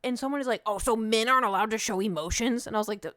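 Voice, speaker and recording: A woman's voice: on the high side, rapid-fire, no echo, studio quality. A woman streamer chatting casually and animatedly, hopping from one story to the next. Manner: chatty and animated, jumping between stories. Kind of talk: casual chat.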